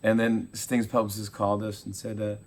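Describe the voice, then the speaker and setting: A man in his forties, a talk show host, telling animated stories in a casual interview and acting out quotes. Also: on the low side, brisk. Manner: animated storyteller, acts out quotes.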